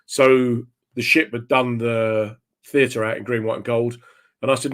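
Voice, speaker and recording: A man hosting a casual chat, telling lively anecdotes and breaking into other people's voices. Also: medium pitch, unhurried. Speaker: podcast host.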